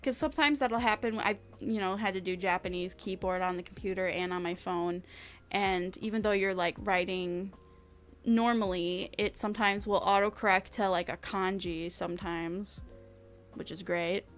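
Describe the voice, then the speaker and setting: A woman's voice: mid-range voice, fairly even intonation, moderate pace. Young woman streamer chatting with faint music. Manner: rambling, laughing often, frequent swearing. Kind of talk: casual chat with stream viewers.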